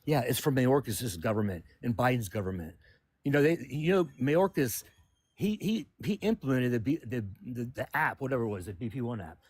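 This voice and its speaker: Brief: male debate guest, combative, lively pitch swings, dry sound. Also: brisk, husky, no echo. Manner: combative, interrupting, stumbling restarts. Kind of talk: heated online debate.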